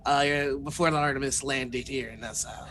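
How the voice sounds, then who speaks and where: A man voicing a gruff pirate officer who questions a crewman bluntly and calls him lad. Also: mid-range voice, fairly even intonation, normal speed, fairly bright tone, close to an everyday voice. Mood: blunt, probing.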